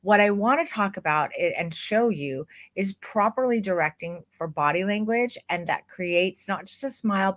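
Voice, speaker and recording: Energetic woman coaching poses with profanity. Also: medium pitch. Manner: energetic, coaxing, profane, emphatic. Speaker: boudoir photography coach. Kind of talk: online course, live demonstration of posing.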